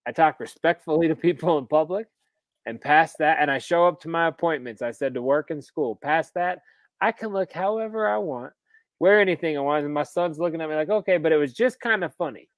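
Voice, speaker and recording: Casual male co-host in his thirties, animated storyteller with a slightly high voice, dry close recording. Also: a little fast, no echo. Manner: animated storyteller, laughs often, swears freely. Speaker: podcast co-host. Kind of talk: casual chat.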